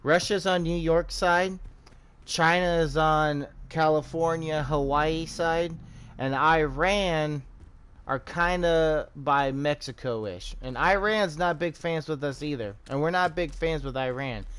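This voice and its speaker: A man's voice: a little high, slow, a bit bright, clear, resonant tone. Profane rambling American streamer man. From United States. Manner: profane, rambling, restarts often. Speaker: livestreamer. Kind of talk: casual rambling commentary while gaming.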